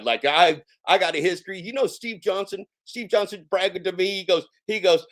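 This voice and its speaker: A man's voice: high-pitched, fairly quick, fairly bright tone. A man hosting a casual live stream, talking in a sarcastic, mocking and boastful way and swearing freely.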